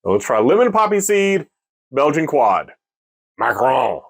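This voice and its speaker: A man's voice: on the high side, normal speed. A man hosting a casual beer-tasting video, chatty and joking about his own pronunciation. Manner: chatty, self-mocking, lively. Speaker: beer reviewer, video host.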